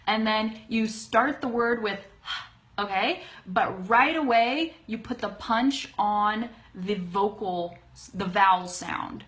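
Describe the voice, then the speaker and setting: A woman leads a live-streamed English pronunciation lesson into a close webcam. Her voice is bright and forceful, and she talks at an unhurried pace. She stays chatty and upbeat, greeting viewers and stretching words out slowly so they can repeat. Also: medium pitch. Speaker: English teacher.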